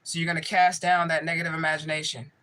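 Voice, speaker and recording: A woman's voice: low-pitched, level tone, quick pace, a bit bright, poor audio. A woman working as a spiritual medium, hosting a casual livestream and answering viewers' chat in a blunt, profane way.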